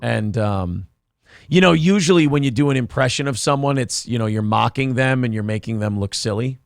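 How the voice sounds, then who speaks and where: A man's voice: mid-range voice, a little fast, gravelly, no echo, clean studio sound. A man hosting a morning talk show, chatting casually with a sarcastic, mocking manner. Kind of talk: casual chat.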